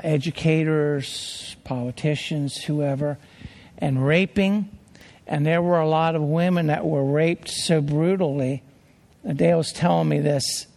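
A man preaching a sermon, emphatic, restarting phrases and dropping low for grim details. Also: vocal fry, darkish tone. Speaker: pastor. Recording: long hall reverb.

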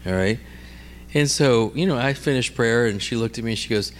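A man's voice: medium pitch, fairly quick, a little hiss or hum. A man preaching conversationally, telling stories and checking in with his listeners with "all right?" and "amen?". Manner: repeats and restarts words while telling stories. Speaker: preacher teaching on healing ministry. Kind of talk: conversational sermon with storytelling.

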